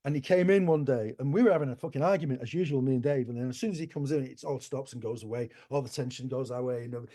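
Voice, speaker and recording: A man in his sixties, a musician guest telling stories in an interview, animated and swearing casually. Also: medium pitch, quick pace, hardly any pauses. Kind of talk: anecdotal interview storytelling.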